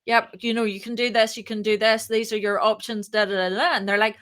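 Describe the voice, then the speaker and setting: Bright-voiced woman telling a lively story. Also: fairly high pitch, a little fast. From moved to Ireland. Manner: lively, acts out quoted dialogue. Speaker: podcast guest, startup founder. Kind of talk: casual interview storytelling.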